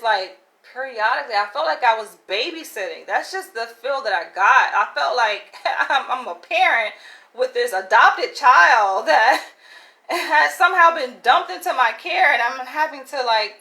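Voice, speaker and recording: A woman talks straight to her viewers in a casual, candid storytelling way, peppering her sentences with "like" and "right?". Her voice sits a little high and sounds bright and forceful, and she laughs easily as she goes. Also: rough recording. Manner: chatty and candid, many "like" and "right?" asides, laughs often. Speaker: vlogger.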